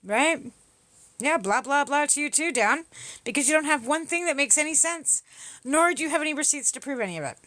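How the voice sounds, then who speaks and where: Expressive and fairly quick, this Canadian host argues with her livestream chat, mocking commenters and cursing. Her high voice comes across pushed and bright on a dry recording.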